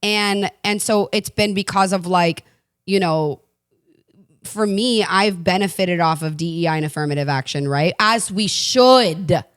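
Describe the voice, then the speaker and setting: A woman talking as a podcast guest in casual chat, blunt and animated, swearing freely and laughing often. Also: on the low side, a little slow, clean tone, dry recording, studio quality. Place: Los Angeles.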